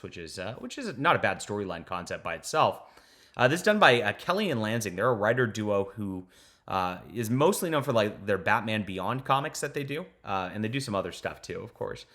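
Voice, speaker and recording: A man's voice: on the low side, sharp tone. Heated, sarcastic man ranting casually. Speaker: commentary vlogger. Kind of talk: casual commentary.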